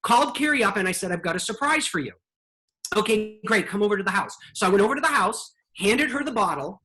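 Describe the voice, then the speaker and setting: A woman hosting an online show, telling a story in an animated, chatty way. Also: medium pitch, quick pace, poor audio. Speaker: host. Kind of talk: casual storytelling.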